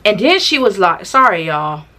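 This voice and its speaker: A young woman vlogger, telling a storytime tale in a casual, animated, slangy way with laughing asides. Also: medium pitch, normal speed.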